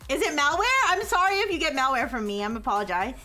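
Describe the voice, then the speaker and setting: A woman hosts a casual live stream, talking in a high, bright voice. She rambles, trips over her own sentences and laughs as she goes. Faint music plays underneath. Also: very animated, fast. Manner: rambling, self-interrupting, laughs often. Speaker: livestream host.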